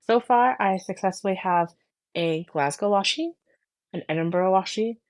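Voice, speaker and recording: A woman's voice: medium pitch, moderate pace. A woman hosting a podcast in casual chat, talking enthusiastically in long flowing sentences. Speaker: podcast host.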